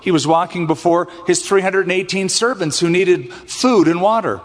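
A man preaching a sermon as pastor, expressive and acting out scripture voices. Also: high voice, normal speed. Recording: long hall reverb.

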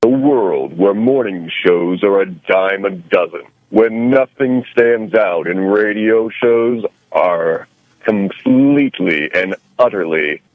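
A man narrating a mock movie-trailer radio promo in a dramatic, deliberate delivery. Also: fairly low pitch, dry recording, phone-quality sound. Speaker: promo announcer.

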